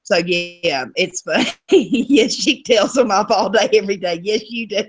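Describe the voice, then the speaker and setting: A woman's voice: medium pitch, a little slow, breathy edge. A middle-aged woman with a Southern US accent, co-hosting a casual chat and laughing often. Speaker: co-host.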